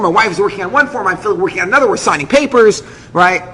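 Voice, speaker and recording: High lively guy telling a story, bright voice, big echoey hall. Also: rapid-fire, hardly any pauses. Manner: animated, acts out every voice. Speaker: rabbi and speaker. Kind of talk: storytelling talk to an audience. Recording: long hall reverb, faint noise.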